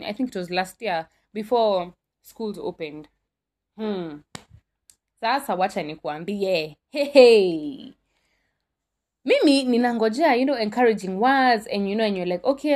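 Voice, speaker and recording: A woman's voice: mid-range voice, lively intonation, unhurried, darkish tone. A young woman with a Kenyan accent telling a storytime tale, dramatic and full of exclamations as she switches between languages. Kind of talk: animated storytime.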